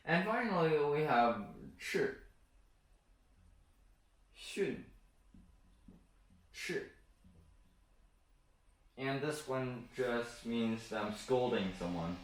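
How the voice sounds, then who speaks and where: A man's voice: mid-range voice, expressive, unhurried, hardly any pauses, distant mic. Young guy, chatty pronunciation lesson, lots of uh and you know, roomy echo, sits back from the mic. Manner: chatty, self-joking, many fillers. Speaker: language teacher. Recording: very echoey room, off the mic.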